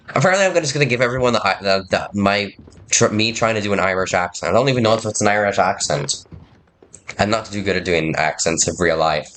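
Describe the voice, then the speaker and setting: Low-voiced man rambling through a game. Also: brisk, a bit bright. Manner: rambling, self-deprecating. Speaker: game player. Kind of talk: let's play narration, reading and commenting.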